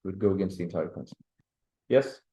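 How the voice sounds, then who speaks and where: An Arabic teacher with a low, mellow voice gives a classroom grammar lesson at a slightly fast pace. He's patient and keeps checking his students follow, asking "right?" and "clear?". The recording is low quality with a roomy sound.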